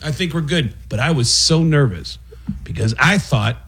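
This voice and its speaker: A man, a comedian known for voices, chatting as a guest and telling animated stories about his work. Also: medium pitch, normal speed, breathy edge. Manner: animated storyteller who slips into impressions. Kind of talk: casual radio interview chat.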